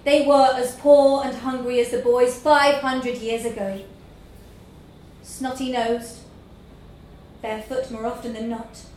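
A woman reading a literary story aloud in a slow, measured storytelling manner. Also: a little high, a little mellow, a little hiss or hum. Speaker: narrator. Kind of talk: scripted narration of a literary story. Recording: echoey room with faint ambience.

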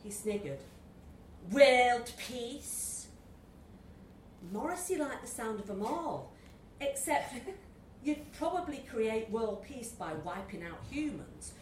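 A woman's voice: a little high, sing-song, a little slow, darkish tone, slight background noise. A woman reading a comic story aloud to an audience, wry and playful, often laughing. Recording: echoey room from a distance.

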